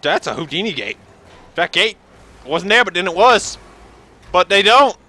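A man's voice: high voice, sing-song, moderate pace, pushed and bright. A man rambling sarcastically and joking while commenting on his gameplay. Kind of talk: let's play commentary.

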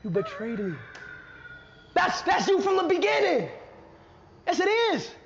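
Young guy freaking out in a haunted house, loud n swearing, slow drawn out words but pitch jumping all over. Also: wildly swooping pitch, gravelly. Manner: loud, panicky, swearing and yelling. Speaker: livestreamer. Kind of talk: frantic live-stream reactions. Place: indoor haunted house attraction. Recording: dull lo-fi stream audio, noisy.

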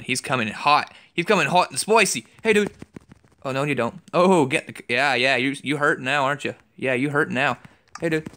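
A young man giving excitable commentary over a game he is playing, trash-talking opponents. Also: mid-range voice. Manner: excitable, yelps and trash-talks. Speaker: gaming YouTuber.

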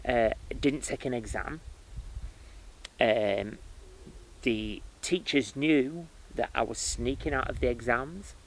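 A man who works as a spiritual medium, telling his life story in an interview with lively starts and restarts. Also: mid-range voice, gravelly, poor audio. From United Kingdom. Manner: animated storytelling with many restarts and fillers.

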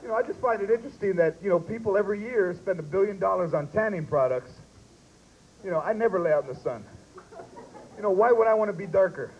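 High-pitched guy doing stand-up live, punchy jokes, muffled old tape with a bit of hiss. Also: lively intonation, a little mellow. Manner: punchy, quick bits with voiced characters. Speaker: stand-up comedian. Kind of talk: stand-up comedy set. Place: live comedy stage. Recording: dull lo-fi live recording with faint hiss.

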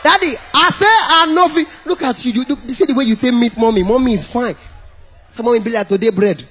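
A man with a Nigerian accent doing stand-up comedy, animated and breaking into song and mock shouting. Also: very high-pitched, brisk, a little hiss or hum.

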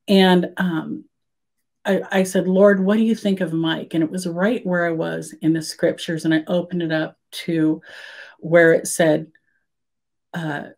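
A woman's voice: lowish voice, a little mellow. An older woman, a podcast guest, telling a story animatedly and acting out her own past words. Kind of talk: casual storytelling in an interview.

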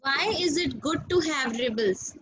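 A woman's voice: high voice, lively intonation, unhurried, a bit bright, rough recording. A woman with an Indian English accent teaching a class over a video call, patiently calling on students by name and praising them. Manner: patient, repeats names and questions, praises students. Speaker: school teacher.

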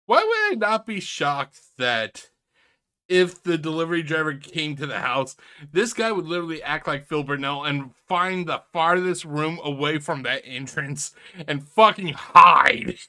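A man hosting a reaction video, laughing often, swearing and mocking what he watches while addressing viewers as ladies and gentlemen. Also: fairly high pitch, big pitch swings, measured pace, clear, resonant tone. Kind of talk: casual reaction commentary.

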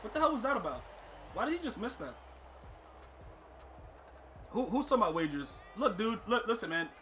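A man streaming a football video game, commenting live and talking to his chat, often exasperated and breaking into loud outbursts. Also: high voice, very animated, moderate pace, slight background noise. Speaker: gaming streamer.

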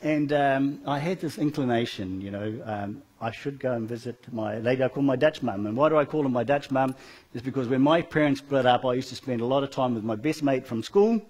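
A man's voice: mid-range voice, fairly quick, a little mellow. A middle-aged man in a church giving an earnest, rambling personal testimony with many fillers, then leading a prayer.

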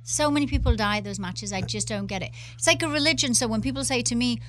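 A woman from Newcastle with a Northern English accent softened toward London speech, a blunt, frank guest swearing freely in a casual chat. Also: fairly high pitch, quick pace, few pauses, slight background noise. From Newcastle, England.

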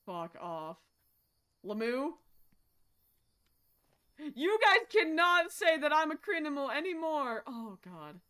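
A young woman with a high, bright voice narrates her horror game play on a live stream. She is jumpy and profane, drops to a mutter, then bursts into shouts. Her talk is slow and drawn out. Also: very animated. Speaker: streamer playing horror games. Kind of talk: live-stream gameplay commentary.

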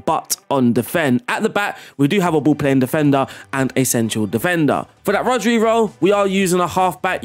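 A man casually explaining football video game tactics and commentating on replays in an excitable, chatty way, laughing at himself. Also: a little high. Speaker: gaming YouTuber.

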